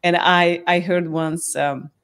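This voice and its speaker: A woman's voice: lowish voice, fairly even intonation, slow, a bit bright. A woman hosting a casual live chat, talking candidly with frequent laughs and restarts. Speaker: host.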